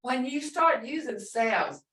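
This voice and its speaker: A woman's voice: high voice, very animated, slow pace, a bit bright, a little hiss or hum. Lady teacher quizzing the class, says words over and over, kinda far from the mic, echoey. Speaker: language instructor. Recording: echoey room, distant mic.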